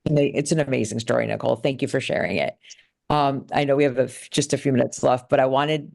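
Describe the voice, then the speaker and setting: A woman's voice: a bass voice, fast talker, gravelly, a little mellow. Woman hosting a panel discussion. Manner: encouraging, asks open questions. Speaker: host and moderator.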